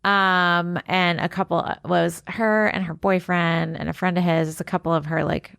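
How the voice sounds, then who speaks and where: Woman in her forties, tired, headachy, self-deprecating, gravelly, dry close sound. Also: fairly low pitch, flat delivery, normal speed, fairly bright tone, no echo. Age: 40s. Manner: laughs often, self-deprecating storyteller. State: tired and headachy after a late night. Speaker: podcast co-host. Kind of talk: casual chat.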